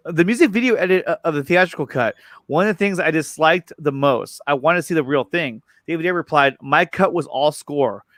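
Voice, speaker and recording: A man hosting a casual chat about movie news. He is excited, repeats his words and often restarts his sentences. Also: on the high side, no echo, studio quality. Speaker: show host.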